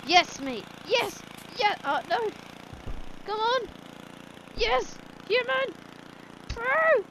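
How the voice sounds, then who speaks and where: Excitable high-voiced woman gaming. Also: drawn-out words. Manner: excitable, exclaiming and chattering at the game. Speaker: gaming video host. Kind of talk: let's play commentary. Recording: game sounds and noise behind. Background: video game sound effects.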